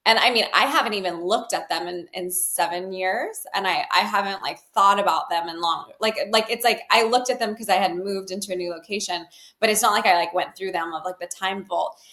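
A woman's voice: mid-range voice, brisk, a bit bright. A woman telling her personal story in an interview, talking loosely with many fillers and restarts. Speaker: guest, healer. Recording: roomy echo.

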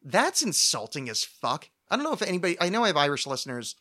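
Young male podcast host, solo rant, bright upper-range voice, sweary and stammering. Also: fairly high pitch, huge pitch swings, fast talker. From United States. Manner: profane, ranting, stammering restarts, mocking put-on voices.

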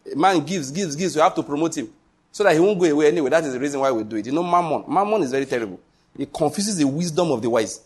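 Male pastor, sermon, husky, a little high, emphatic, repetitive, rhetorical questions.

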